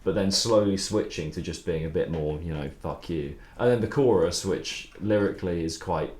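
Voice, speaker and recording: In an echoey room, a young man with a low, slightly mellow voice talks at normal speed while streaming his songwriting. His casual chat rambles, with frequent swearing and laughter.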